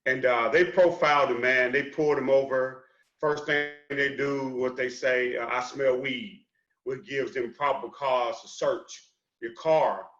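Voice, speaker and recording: A man on a discussion panel talking about his son, speaking in an animated way and often saying "man". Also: medium pitch, unhurried, reverberant, dull audio. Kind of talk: conversational panel talk.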